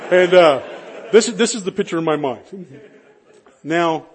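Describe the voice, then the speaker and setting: A man preaching in a relaxed, conversational way, telling a personal story with self-deprecating humor and frequent restarts. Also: on the high side, measured pace, a little hiss or hum.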